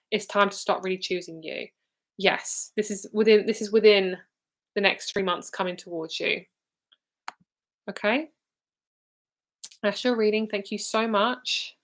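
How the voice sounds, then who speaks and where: A woman's voice: medium pitch, fairly bright tone. A young woman giving live tarot and psychic readings. She talks in a casual, rambling way, often says "like" and swears now and then. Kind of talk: live-streamed card reading.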